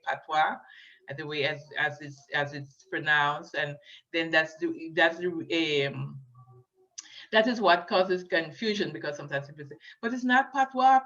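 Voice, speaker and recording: A woman giving a lecture, hesitant and filling pauses, often checking in with her listeners. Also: low voice, pushed and bright. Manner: hesitant, many fillers, checks in with "okay?". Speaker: linguistics lecturer. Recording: dull lo-fi recording.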